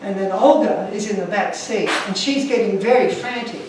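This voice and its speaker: A man's voice: high voice, normal speed, very echoey, distant mic, noisy background. A man giving an earnest, emotional talk to an audience, telling stories from his slides. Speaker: guest speaker.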